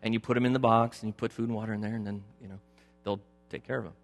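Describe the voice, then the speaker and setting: A middle-aged male pastor preaching a sermon, moving from loud emphatic points to a quiet personal story. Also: lowish voice, little pitch movement, very fast, vocal fry. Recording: long hall reverb with faint music.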